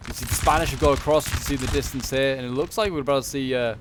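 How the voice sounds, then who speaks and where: A man giving relaxed, unscripted commentary on a strategy game battle, thinking aloud with frequent pauses. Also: medium pitch, noisy background.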